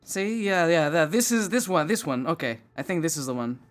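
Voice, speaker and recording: Woman, streamer, casual live game commentary, chatty, expressive, candid. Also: low voice, brisk.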